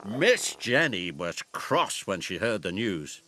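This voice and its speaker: A man narrating a children's storybook in a gentle, expressive telling. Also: on the low side, slow, very noisy. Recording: narration with music underneath.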